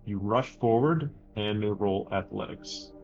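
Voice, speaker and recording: A man running a tabletop horror game as game master, narrating scenes in a slow, measured way. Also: on the low side, gravelly, muffled recording, over music.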